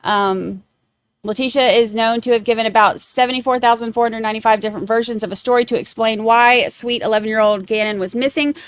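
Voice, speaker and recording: A woman's voice: a little high, fairly even intonation, fast talker, clean tone, dry recording, studio quality. A woman hosting a true crime podcast, rambling in casual chat with many fillers. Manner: chatty, rambling, lots of fillers.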